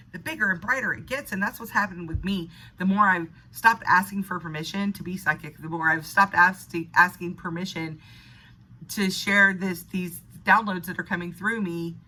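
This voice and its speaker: A woman's voice: mid-range voice, pushed and bright, husky, low-quality recording. A woman in an unscripted motivational monologue, talking earnestly and conversationally, sometimes laughing at herself. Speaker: spiritual vlogger.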